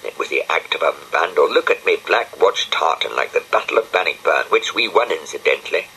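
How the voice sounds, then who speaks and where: A man's voice: low voice, expressive, fairly quick, bright, forceful tone, a little hiss or hum, heavily acted, rough recording. A man voicing a grumpy, pompous male dog, in a storybook reading. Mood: indignant. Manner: huffy, pompous, scolding.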